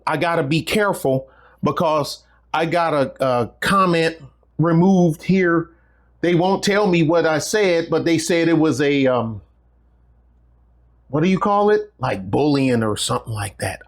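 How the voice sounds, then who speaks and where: A middle-aged man chats casually to his channel's viewers. His voice sits a little high for a man. He rambles in a folksy way and restarts his sentences often. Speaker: channel host. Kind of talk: casual talk to camera.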